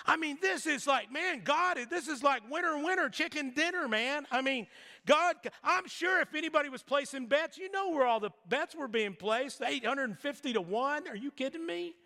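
A man's voice: very high-pitched, animated, moderate pace, sharp tone. A middle-aged man preaching a sermon in a casual storytelling way, with jokes and asides. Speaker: pastor. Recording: long hall reverb.

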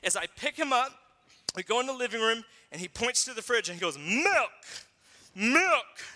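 A man in his thirties, a pastor giving a sermon in a conversational, animated storytelling way, acting out voices. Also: very high voice, quick pace, long reverb tail.

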